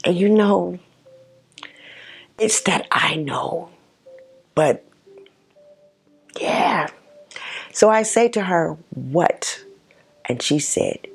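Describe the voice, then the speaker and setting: A middle-aged woman, a mother, giving a halting personal testimony full of pauses and restarts. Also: lowish voice, expressive, slightly rough. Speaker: mother telling her personal story.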